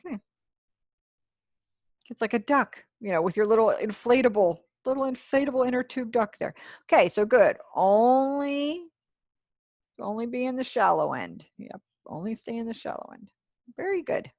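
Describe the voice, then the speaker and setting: Fairly high and gravelly with a darkish tone, this woman's animated voice moves along fairly quickly. She's an ASL teacher on a video call, encouraging and praising her students while chatting to herself on the side. The sound is clean studio audio without echo.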